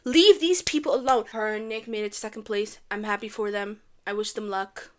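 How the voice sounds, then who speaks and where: A young woman from Canada recapping a reality dating show in a casual, animated way, gushing and repeating lines for effect. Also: mid-range voice, fairly quick.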